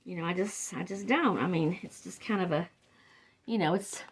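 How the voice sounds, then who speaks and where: An older woman from the Carolinas speaks with a Southern US accent in a lowish, slightly rough voice at a moderate pace. She's a wreath crafter chatting casually through a tutorial, rambling, trailing off, and starting again.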